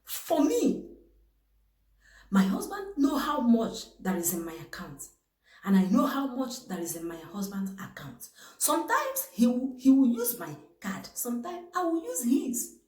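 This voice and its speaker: A woman's voice: medium pitch, a little mellow. Emphatic Nigerian woman, echoey room. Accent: Nigerian English. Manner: emphatic, rhetorical questions, sudden exclamations. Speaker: vlogger giving marriage advice. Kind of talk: preachy advice talk to camera.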